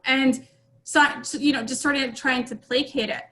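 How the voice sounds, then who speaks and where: A middle-aged woman speaking as an interview guest, her voice set a little high and bright. She tells a personal story frankly and rambles, circling back with fillers and restarts. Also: fairly even intonation, moderate pace, a little hiss or hum, low-quality recording.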